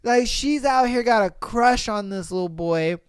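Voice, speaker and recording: A podcast host reads listener stories aloud and reacts with loud, laughing, profane commentary. The voice is smooth and clear, recorded dry and close with no room sound. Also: mid-range voice, expressive, unhurried, dry recording. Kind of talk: comedic commentary reading online posts.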